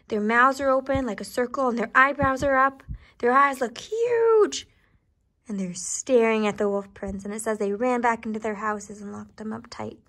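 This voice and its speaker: A woman reading a storybook aloud to children, pausing to ask questions and dropping into soft whispered asides. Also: on the high side. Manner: gentle, asks the listener questions, whispered asides.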